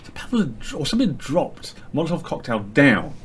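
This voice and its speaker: A man telling a lively anecdote as a podcast guest, acting out his friends' lines. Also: on the high side, fast, a little hiss or hum. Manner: animated storyteller, acts out friends' lines.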